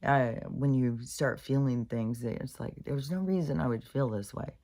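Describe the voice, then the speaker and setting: A woman's voice: a bass voice, measured pace, dark tone. A woman vlogging in a rambling, casual monologue, chatty and meandering, full of fillers and swearing.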